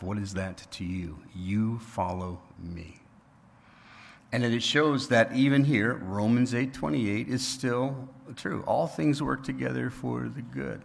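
A man's voice: on the low side, vocal fry. A male pastor preaching a sermon in a conversational, explaining manner. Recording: reverberant hall.

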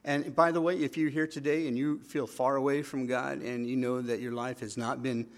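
A man pastor preaching a sermon, acting out quotes with lively asides. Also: mid-range voice, normal speed.

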